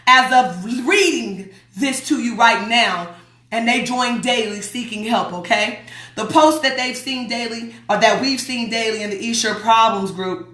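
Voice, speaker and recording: A woman's voice: on the high side, pushed and bright, reverberant. A woman hosting a radio show, reading a newsletter aloud in a chatty, emphatic way and talking back to her listeners. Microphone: streaming mic.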